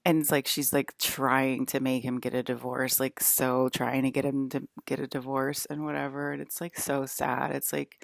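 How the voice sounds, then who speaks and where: Woman vlogger, low-pitched with vocal fry, rambling exasperated rant, dry close sound. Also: little pitch movement, normal speed, hardly any pauses, dry recording. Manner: filler-heavy, frequent "like", restarts; exasperated, ranting commentary. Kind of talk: casual rambling monologue.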